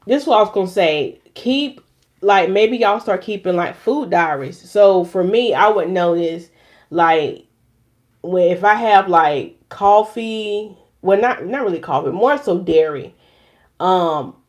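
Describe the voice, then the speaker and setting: A woman's voice: lowish voice, a little mellow. A woman hair stylist hosting a casual live chat with her viewers, talking in a playful, churchy way and speaking straight to them. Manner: chatty, playful and churchy, addresses viewers directly. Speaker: hair stylist and channel host.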